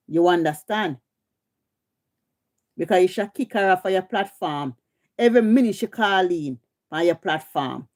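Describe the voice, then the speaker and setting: A woman's voice: on the low side, moderate pace, a little mellow. A middle-aged woman with a Jamaican accent, hosting a livestream and scolding, confrontational and repetitive. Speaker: live stream host. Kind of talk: heated livestream rant.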